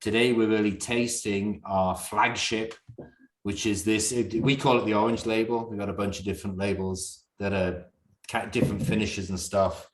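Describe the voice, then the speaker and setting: Calling from a bedroom at home, a man with a Northern English accent, a distillery founder, chats, rambles and laughs. His lowish voice has little pitch movement, his pace is moderate, and the room echoes.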